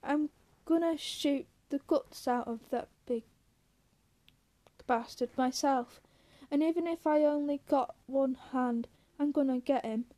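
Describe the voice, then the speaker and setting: An angry young ranch man spits out threats and orders in a storybook reading, voiced by a woman. Her voice sits high but soft and mellow. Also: steady tone, slow pace. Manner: furious, barking threats.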